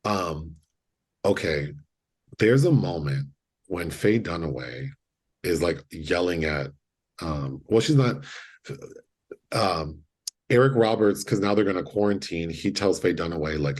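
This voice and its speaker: A man co-hosting a podcast, retelling a film in casual chat and acting out the characters' lines with animated delivery. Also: deep voice, unhurried, long pauses, slightly rough. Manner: animated storyteller, acts out quotes. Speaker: podcast co-host.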